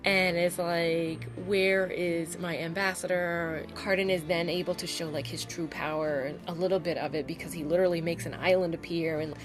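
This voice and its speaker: A woman's voice: fairly low pitch, steady tone, a little fast, hardly any pauses, over music. Chatty woman gushing over a book. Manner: chatty, gushing, full of "like" and "oh my God". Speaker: book reviewer. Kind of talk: casual spoiler-filled book review.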